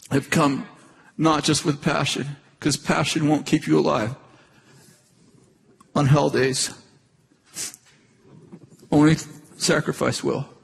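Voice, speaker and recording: A man's voice: on the high side, gravelly, husky, big-room sound. A middle-aged man preaching, telling a personal story in a conversational, emphatic way with frequent restarts. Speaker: pastor. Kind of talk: sermon storytelling.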